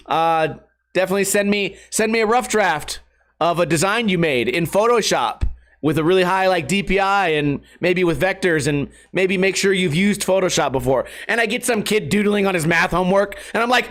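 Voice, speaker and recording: A man's voice: sits high, moderate pace, a bit bright. A young adult man ranting on a casual podcast, profane and exasperated, putting on mocking voices when he quotes people. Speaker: skateboarding YouTuber.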